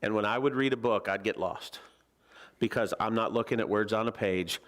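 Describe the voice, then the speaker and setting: This man speaks at a normal speed in a lowish voice. He's a preacher giving a conversational sermon in a church sanctuary, teaching from the Bible in a chatty, joking manner and frequently asking the congregation questions.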